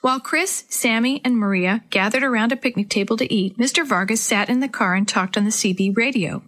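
A woman narrating a children's story aloud in a clear, even storytelling way. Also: fairly high pitch, a little fast.

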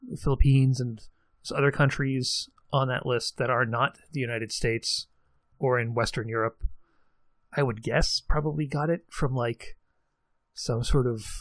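A podcast co-host with a gravelly, mid-range voice and no echo chats casually, rambling along. He pokes fun at himself and chuckles often.

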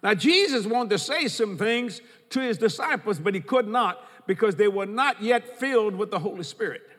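High bright-voiced male preacher, reverberant hall. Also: lively intonation, moderate pace. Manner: preaching with emphatic repetition, quoting scripture. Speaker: pastor. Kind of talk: sermon.

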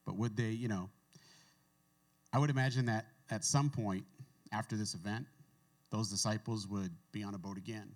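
A man with a fairly low voice delivers a casual sermon. He talks in a conversational way, reading scripture aloud and breaking off into offhand asides. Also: steady tone, normal speed, long pauses. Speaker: pastor.

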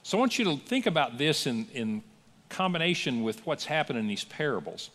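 A man preaching a sermon as pastor, telling stories with lively acted-out quotes in a church. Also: a little high, fairly quick, big-room sound. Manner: animated storytelling with acted-out quotes. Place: church sanctuary.

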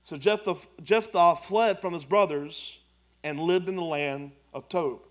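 A man's voice: a little high, measured pace. A man, preaching a sermon as pastor, building to emphatic declarations in plain colloquial speech.

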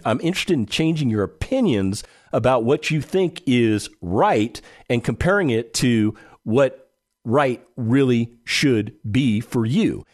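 A man's voice: medium pitch, a little mellow. A man hosting a radio talk show, speaking bluntly and conversationally and putting questions straight to his listeners. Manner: blunt and emphatic.

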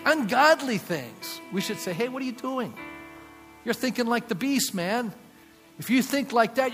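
A man's voice: sits high, long reverb tail. A man preaching a sermon as pastor, speaking emphatically and acting out quotes, recorded in a church sanctuary.

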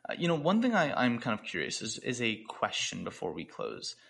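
A man's voice: medium pitch, wildly swooping pitch, a little fast, creaky, a bit bright, husky. A man co-hosting a podcast, chatting in a loose, rambling way with many restarts. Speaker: podcast co-host and coach. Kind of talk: casual podcast chat.

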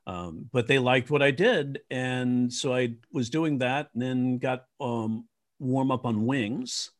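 A man's voice: medium pitch, takes it slowly. Rambling storytelling man from New York. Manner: rambling, animated anecdotes with many fillers. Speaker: comedian guest. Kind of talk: casual storytelling.

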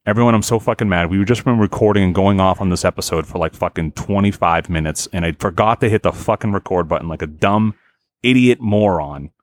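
A man's voice: low-pitched, fairly quick. Fired-up man ranting on a podcast. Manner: exasperated, profane, animated ranting. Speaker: podcast host. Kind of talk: casual podcast chat.

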